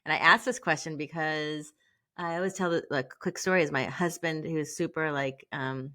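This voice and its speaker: A woman hosting a podcast, chatting casually and telling stories with lively energy. Her voice is low-pitched yet bright and forceful. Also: moderate pace. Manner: lively storytelling. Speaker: podcast host. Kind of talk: casual interview chat.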